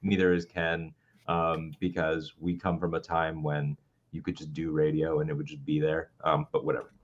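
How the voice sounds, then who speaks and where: A man's voice: very deep voice, monotone, normal speed, muffled recording. A man in his twenties co-hosting a live political talk show, ranting with heated, profane passion. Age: 20s. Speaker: co-host.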